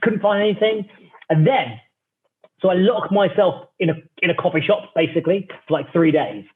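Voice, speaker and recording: A man's voice: high voice, expressive, normal speed. Tinny-sounding man telling a story. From England. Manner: swears freely, cheeky and theatrical. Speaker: startup founder, guest. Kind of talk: animated anecdotal storytelling. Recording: tinny phone-like remote line.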